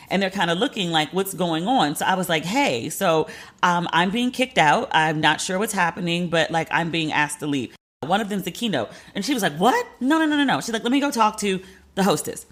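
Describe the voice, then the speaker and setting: Profane, animated woman telling a story. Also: moderate pace. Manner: candid and profane, acts out quotes with lively jumps in pitch. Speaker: podcast host. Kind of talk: casual storytelling monologue.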